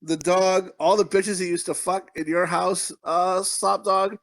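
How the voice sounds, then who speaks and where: High-voiced man joking crudely. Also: flat delivery, measured pace, fairly bright tone. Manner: rambling, profane, joking. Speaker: podcast co-host. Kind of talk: crude casual banter.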